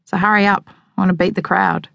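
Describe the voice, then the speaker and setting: A woman's voice: lowish voice, steady tone, fairly quick, creaky, fairly bright tone, dry recording. A woman voicing a teasing teenage brother with a cheeky, taunting manner. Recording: dry close studio sound.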